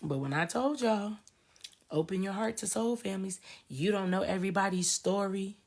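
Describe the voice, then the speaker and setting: A woman who works as a spiritual coach rants casually to her followers, speaking emphatically and repeating phrases for emphasis. Her voice is mid-range and darkish in tone, at normal speed.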